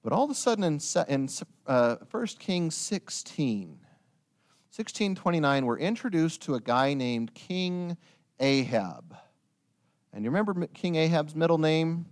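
A man preaching a sermon, retelling a story with lively storytelling and joking asides to his listeners. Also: on the high side, a little slow.

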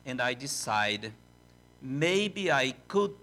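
An older man preaches in English with a strong Portuguese accent, his first language being Portuguese. He talks very slowly in a bright, forceful voice. His delivery is halting and self-deprecating as he hunts for words. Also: medium pitch, sing-song. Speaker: visiting missionary preacher. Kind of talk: sermon in a church.

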